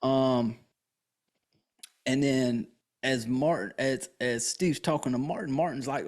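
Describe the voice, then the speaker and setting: A man's voice: mid-range voice, takes it slowly, long pauses. A man hosting a podcast, recapping a film in a casual, profane, joking way with lots of fillers. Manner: rambling, crude and joking, with many fillers. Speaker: podcast host.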